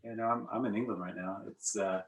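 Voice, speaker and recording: A man's voice: fairly low pitch, steady tone, brisk. A man from the south of France, a podcast guest, chatting easily with lots of uhs over a remote call. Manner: easygoing, meandering, many uhs. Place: home room by the sea in England. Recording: roomy, distant call audio.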